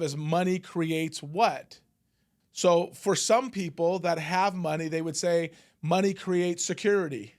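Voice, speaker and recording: A middle-aged man talks through a motivational podcast episode, slightly higher-voiced than most men. He tells stories in a loose, chatty way, often repeating words and restarting sentences. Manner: conversational storytelling with frequent fillers and restarts. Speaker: podcast host and business coach. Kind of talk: casual motivational talk.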